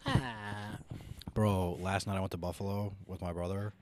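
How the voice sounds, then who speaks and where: A man's voice: sits low, level tone, a little fast, a little mellow. A young man hosting a podcast, telling crude stories and joking around with his co-host. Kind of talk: casual podcast banter.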